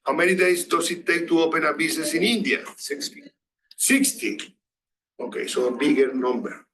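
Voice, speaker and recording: Male lecturer, high voice, repeats himself, roomy distant sound. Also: lively intonation, normal speed, crowd noise. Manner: questions the students, repeats phrases. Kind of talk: classroom lecture. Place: classroom. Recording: echoey distant room recording.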